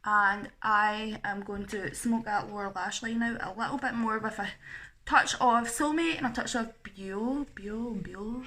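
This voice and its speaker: A woman's voice: medium pitch, a little slow, bright, forceful tone. A young woman talking through a makeup tutorial in a chatty, self-deprecating way. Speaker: makeup artist.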